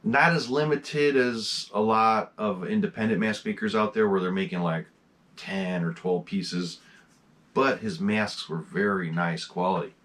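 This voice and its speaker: A man's voice: lowish voice, measured pace, fairly bright tone. A man hosting a horror mask collection vlog, chatting casually from a desk in his home mask room, enthusiastic and rambling with lots of fillers.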